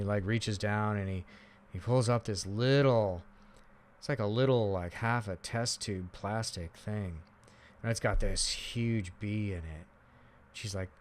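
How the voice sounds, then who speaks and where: A man hosting a podcast, telling a rambling story with many fillers and restarts, slowing right down to stress key words. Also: lowish voice, a bit bright. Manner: slows down sharply on key words. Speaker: podcast host. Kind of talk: casual storytelling monologue.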